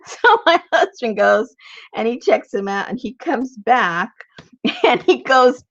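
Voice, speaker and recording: A chatty woman tells a story in a casual craft vlog, laughing often. Her pitch swings up and down a lot. The sound is a bit dull and lo-fi. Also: lively intonation, measured pace, no room sound. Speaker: craft vlogger. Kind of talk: casual chat while crafting.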